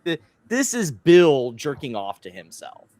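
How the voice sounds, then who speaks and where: A man's voice: fairly high pitch, big pitch swings, a little slow, a little mellow. A man co-hosting a casual commentary show, sarcastic and exasperated, on a close mic. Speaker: co-host.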